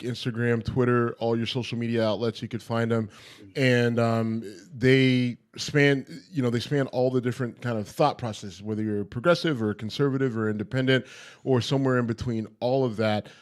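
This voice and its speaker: A man co-hosting a casual podcast, speaking haltingly with many ums and uhs. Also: mid-range voice. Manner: halting, heavy with fillers. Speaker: podcast co-host. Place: home podcast studio.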